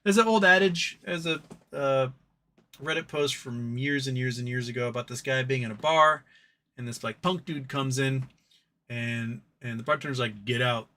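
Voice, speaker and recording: A man's voice: medium pitch, normal speed, bright, forceful tone. A man hosting a livestream who reads chat comments aloud, rambling and profane in his opinions. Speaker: livestream host. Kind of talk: live-stream chat reading and ranting.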